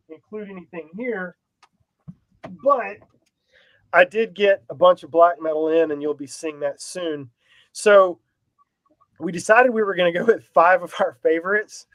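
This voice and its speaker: High-voiced rambling host. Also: male voice, no room sound, poor audio. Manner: rambling, self-deprecating, laughs often. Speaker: podcast co-host. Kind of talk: casual chat.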